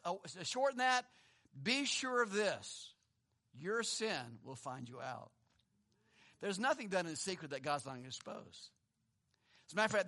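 Bright-voiced preaching man, high pitch. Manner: conversational preaching with laughs and rhetorical questions; reads scripture aloud, swings between emphatic and hushed. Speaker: pastor. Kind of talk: sermon.

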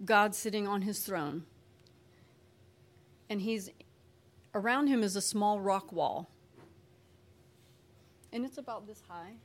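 A woman telling an emotional personal testimony, animated and expressive, acting out what people said. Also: medium pitch. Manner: animated, expressive, acts out quotes. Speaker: speaker sharing a personal testimony.

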